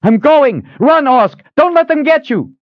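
A man voicing a young warrior woman in a desperate fight, shouting urgently in an audiobook. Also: very high voice, expressive, unhurried, no room sound, muffled recording, pitched above the performer's own voice. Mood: panicked shouting.

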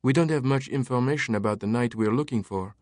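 A man's voice: mid-range voice, fast, darkish tone, dry recording, clean studio sound, voice pushed up, lightly acted. A man voicing an earnest young woman who asks for help in an urgent, direct way. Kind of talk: audiobook character voice.

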